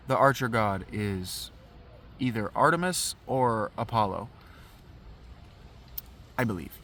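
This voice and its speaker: A man's voice: medium pitch, lively intonation, slow pace, pauses often, sharp tone. A man hosting a podcast, breaking off a reading for wry, chatty asides with fillers. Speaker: podcast host reading a play. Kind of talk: casual aside while reading.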